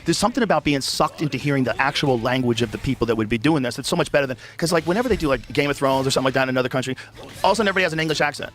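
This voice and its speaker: A man hosting a casual chat who talks with animated emphasis and repeats his points. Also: mid-range voice, very fast, a little hiss or hum.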